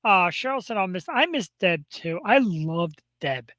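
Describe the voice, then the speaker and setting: A man co-hosts a live talk show, joking around in quick excitable bursts. His voice is bright and forceful, recorded close and dry with no room sound. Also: high voice, no echo, rough recording. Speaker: co-host. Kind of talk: casual chat.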